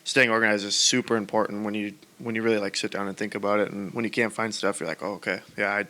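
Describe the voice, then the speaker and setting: A man's voice: lowish voice, level tone, fast talker, bright, forceful tone. A man, a small business owner, speaking in a casual podcast chat and reflecting plainly on his own experience.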